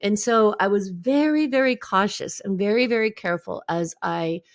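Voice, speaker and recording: A woman's voice: mid-range voice, normal speed, no room sound, studio quality. A middle-aged woman hosting a podcast, telling a personal story in a candid, conversational way and often checking in with "right?". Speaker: podcast host.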